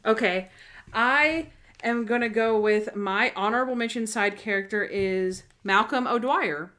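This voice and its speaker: A woman's voice: fairly high pitch, a little slow, sharp tone. A woman co-hosting a podcast, chatting casually and gushing like an enthusiastic fan. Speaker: podcast co-host. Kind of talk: casual chat.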